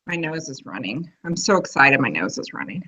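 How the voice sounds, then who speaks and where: A woman's voice: very deep voice, very animated, a little fast, bright, forceful tone. A woman hosting a casual live-stream chat on her phone, chatty and easily amused. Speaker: host of a live video chat. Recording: muffled lo-fi phone audio.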